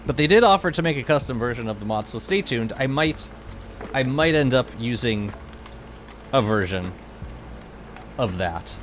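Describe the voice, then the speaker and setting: A man in his thirties streaming a game, chatting casually and excitably with many restarts. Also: medium pitch, moderate pace, pauses often, a little hiss or hum. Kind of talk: casual live-stream chat.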